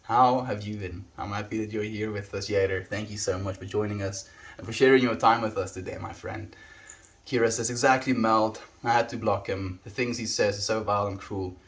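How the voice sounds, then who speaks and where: A man livestreaming, chatting casually and warmly greeting viewers by name as he reads the chat. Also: lowish voice, fairly even intonation, a little fast.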